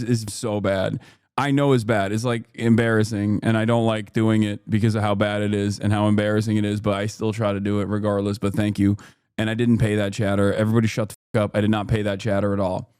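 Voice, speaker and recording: A man's voice: on the low side, darkish tone, clear, resonant tone, dry recording, studio quality. A man hosting a reaction stream, ranting with sarcasm and profanity in casual commentary. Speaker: streamer host.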